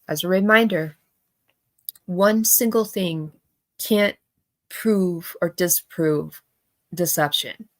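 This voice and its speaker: A woman hosting a commentary, explaining statement analysis in a halting, repetitive way. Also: on the low side, creaky. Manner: halting, repeats words while explaining.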